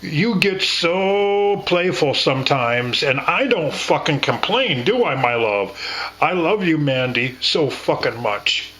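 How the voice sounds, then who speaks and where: A man's voice: a little high, animated, takes it slowly, fairly bright tone, slight background noise, poor audio. A man reminiscing in casual chat, rambling and affectionate, with casual swearing. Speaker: co-host.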